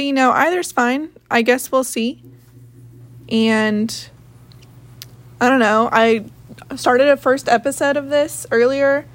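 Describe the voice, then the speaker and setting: A young woman with a slightly high voice that has a gravelly, raspy edge, hosting her own podcast. She rambles in casual chat, swears freely, and jumps from one thought to the next. She is recording at home in her office. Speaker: podcast host.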